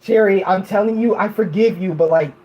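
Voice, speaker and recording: A woman runs a relaxed livestream from her bed, speaking haltingly, frequently breaking off to start sentences over and giggling in between. Her pitch is medium, and the sound quality is lo-fi.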